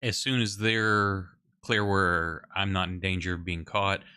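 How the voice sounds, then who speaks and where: Low, bright-toned male player. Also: level tone, unhurried, smooth, dry recording, clean studio sound. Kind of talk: tabletop game play.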